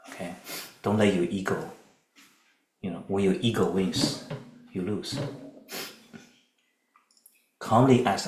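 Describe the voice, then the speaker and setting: A man giving a Buddhist dharma lecture in a calm, conversational way, often checking in with his listeners. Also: on the low side, moderate pace, reverberant, rough recording. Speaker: Buddhist teacher.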